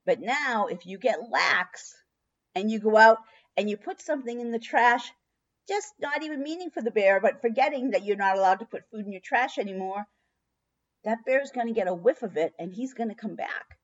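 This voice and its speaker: A woman hosting a diet workshop, giving a motivational talk and telling a long story with lively, acted-out asides. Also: a little high, normal speed. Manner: storytelling with expressive voiced asides. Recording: dull lo-fi recording.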